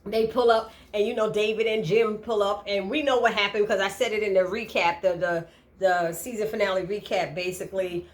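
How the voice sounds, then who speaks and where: A woman recapping a TV episode in a casual, animated way, laughing and acting out the characters' lines. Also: mid-range voice, brisk. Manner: expressive, laughing, acts out quotes. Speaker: TV recap vlogger.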